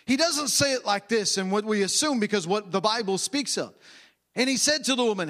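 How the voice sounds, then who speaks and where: A man's voice: sits high, expressive, fairly quick, pushed and bright. A man preaching a sermon, emphatic and often raising his voice, repeating phrases for stress.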